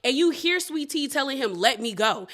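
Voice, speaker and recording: A woman's voice: high-pitched, moderate pace. A woman hosting a casual reality TV recap, talking animatedly and acting out what the cast members said. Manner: animated, laughing, quotes cast members in playful voices.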